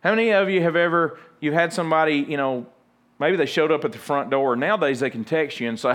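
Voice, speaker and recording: A man's voice: a little high, fast talker, fairly bright tone. A man pastor preaching a folksy, humorous sermon and acting out little everyday scenes.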